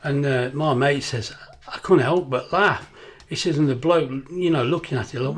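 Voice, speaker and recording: A man's voice: a little high, moderate pace. An older man, chatting casually in a home kitchen cooking vlog, rambling into laughing anecdotes. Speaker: cooking vlogger.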